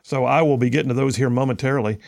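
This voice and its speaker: A man's voice: medium pitch, fairly even intonation, rapid-fire, vocal fry, darkish tone. A man hosting a talk radio show, reading news stories and mocking them in a sarcastic, combative way. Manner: sarcastic, combative, reads news then mocks it.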